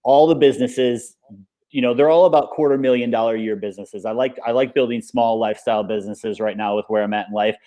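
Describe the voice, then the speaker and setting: A man being interviewed in a relaxed chat, talking in an upbeat, rambling way, full of fillers. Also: mid-range voice, fast talker. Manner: rambling and upbeat, many fillers like "like" and "you know". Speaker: interview guest, paintball coach and business owner.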